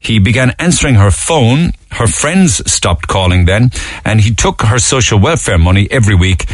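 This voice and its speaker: A man's voice: on the low side, animated, moderate pace, no room sound, clean studio sound. A man hosting a radio show, running through the morning papers in a loose, chatty way with plenty of ums and uhs. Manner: conversational, lots of filler ums and uhs. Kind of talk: radio news roundup and chat.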